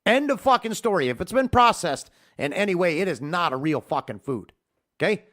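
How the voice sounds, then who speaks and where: A man's high, slightly bright voice has a sing-song lilt and a fairly quick pace. As host of a podcast recorded at home, he rants emphatically and angrily, cursing freely.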